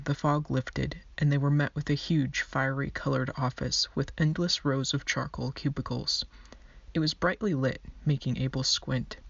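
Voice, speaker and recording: A woman's voice: very deep voice, gravelly, dry recording. A woman narrating her own original story with a wry, lightly humorous touch. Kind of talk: reading an original story aloud. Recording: dull lo-fi dry recording.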